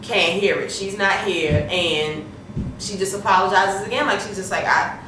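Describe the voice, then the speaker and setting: A woman hosting a casual TV episode recap, talking in an animated, profane way and acting out the characters' lines. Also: medium pitch, moderate pace. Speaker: TV recap host. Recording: echoey room, distant mic, faint noise.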